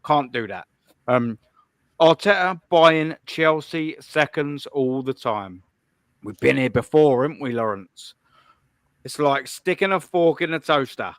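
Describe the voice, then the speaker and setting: A man's voice: fairly high pitch, lively intonation, unhurried, fairly bright tone, no echo. Blunt, profane man ranting. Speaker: live stream host. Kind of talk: ranting call-in stream commentary.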